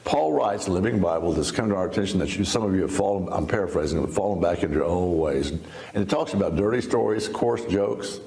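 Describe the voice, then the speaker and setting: A man's voice: deep voice, expressive, a little fast, warm tone, roomy sound. A man in his seventies from Texas, giving a personal testimony in a folksy, storytelling way, with laughs and restarts. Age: 70s. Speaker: interview guest. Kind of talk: personal testimony in a sit-down interview.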